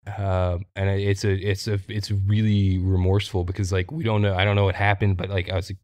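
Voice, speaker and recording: Flat, smooth-voiced male player. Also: deep voice, no room sound. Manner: halting, repeats words. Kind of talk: describing his character's scene.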